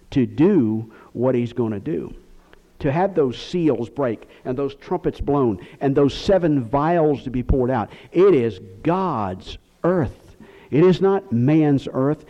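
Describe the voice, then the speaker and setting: An emphatic man delivers a sermon-style Bible lesson, peppering it with rhetorical questions. His voice sits a little high for a man. The recording is dull and lo-fi. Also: dark tone. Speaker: Bible teacher.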